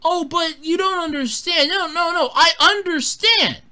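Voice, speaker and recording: A man giving an angry, profane gaming rant, swinging between muttering and exasperated shouting bursts. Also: very high voice, a little slow. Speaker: gaming commentator.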